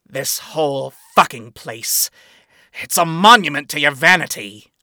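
A man's voice: a little high, expressive, measured pace, bright, forceful tone, dry recording, clean studio sound, heavily acted. A man voicing a scornful radio demon. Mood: disdainful. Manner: disdainful and incredulous. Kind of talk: fan fiction reading.

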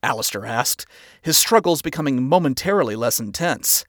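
A man narrating a fan fiction story in a steady storytelling manner. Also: medium pitch, normal speed, no echo, clean studio sound.

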